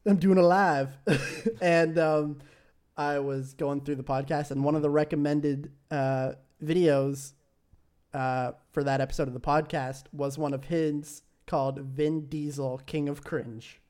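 A man's voice: fairly high pitch, level tone, unhurried, darkish tone. A young man co-hosting a podcast in casual chat, hesitant with lots of fillers, laughing easily. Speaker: podcast co-host.

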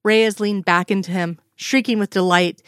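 A woman narrating a piece of fiction in a steady, even storytelling manner. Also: medium pitch, normal speed, clear, resonant tone, dry recording, studio quality.

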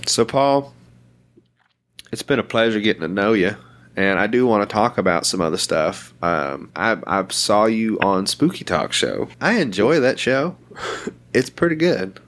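A man's voice: on the low side, expressive, unhurried, a bit bright. A young man hosting a casual podcast chat, blunt and profane, laughing often between remarks. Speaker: podcast host.

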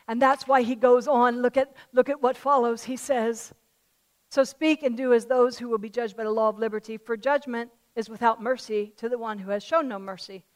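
A woman pastor preaching a sermon, swinging between loud fervent declarations and quiet conversational asides, telling a parable in a chatty way. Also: on the high side, fairly even intonation, normal speed. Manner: tells a parable in a chatty storytelling way.

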